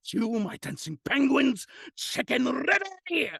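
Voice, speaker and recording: A man voicing a pompous, erratic male theatrical director, husky and melodramatic, swinging from grand to panicked. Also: extremely high pitch, big pitch swings, takes it slowly, a bit bright, no echo, studio quality, full character voice. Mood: pompous, frantic.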